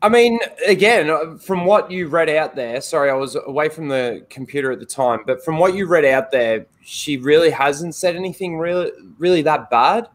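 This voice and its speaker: A co-host on a casual live stream who sounds exasperated and swears a lot. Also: male voice, a little high, moderate pace, few pauses. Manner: exasperated, profane. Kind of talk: casual livestream chat.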